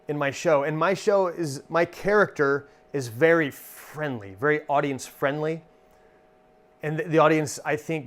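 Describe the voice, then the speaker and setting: A man with a slightly higher voice teaches performers how to handle interruptions on stage. He talks in a relaxed, chatty storytelling way and acts out quick comic comebacks as he goes. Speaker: stage entertainer and magician. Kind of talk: instructional talk demonstrating comic one-liners.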